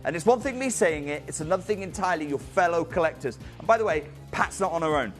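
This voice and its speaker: A man's voice: on the high side, animated, fast talker, soft background music. A man presenting a live shopping channel sale, urgent and persuasive, calling out viewers by name. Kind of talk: fast live sales pitch. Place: TV studio.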